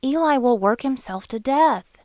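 A woman voicing a quiet, weary young wife in an audiobook, speaking softly. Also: sits high, expressive, normal speed, no room sound, voice pushed up. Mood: earnest. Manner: soft and quiet.

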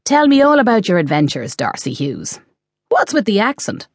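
A woman's voice: mid-range voice, very animated, moderate pace, dry recording, studio quality, voice pushed up. A woman voicing a teasing chef, a grown man who jokes his way through the talk. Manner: wry, joking banter.

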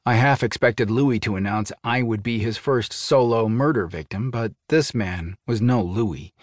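A man narrating a first-person thriller audiobook in a measured, even storytelling manner. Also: lowish voice, no room sound, studio quality.

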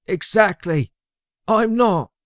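A man voicing a small, nervous henchman who whines and complains in a high voice. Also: slow pace, dry recording, studio quality. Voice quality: high, whining. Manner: panicky, complaining.

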